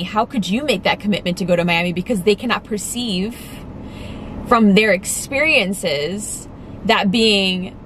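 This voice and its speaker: A woman's voice: mid-range voice, fairly bright tone, slight background noise. A young woman talking candidly and emphatically in a casual vlog, swearing casually as she goes. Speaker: vlogger.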